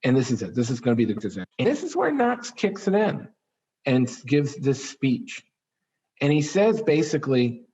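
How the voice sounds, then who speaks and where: A man giving an author talk at a library, telling history as a lively story with dramatic swings in his voice. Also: fairly quick. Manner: animated storyteller, dramatic pitch swings, fillers. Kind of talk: storytelling lecture. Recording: dull lo-fi recording.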